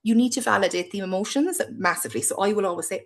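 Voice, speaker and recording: A woman with a Cork Irish accent giving a parent webinar talk, speaking fast, passionate and playful. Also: mid-range voice, animated. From Cork, Ireland. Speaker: hospital play presenter.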